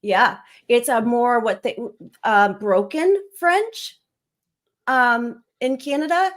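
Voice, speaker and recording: Chatty middle-aged woman, fairly high voice. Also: takes it slowly, fairly bright tone. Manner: chatty and rambling, with frequent laughs and fillers. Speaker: guest on a livestream. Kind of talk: casual livestream chat.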